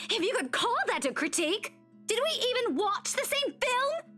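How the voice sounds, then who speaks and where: A fiery young woman scolds in a put-on Scottish accent, her voice very high and lively. She speaks in a heated, reproachful way with sighs, and her tone is bright and sharp. Soft music plays under her lines in this story game. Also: normal speed, heavily acted. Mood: incredulous. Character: young woman defending a friend, indignant. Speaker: game character.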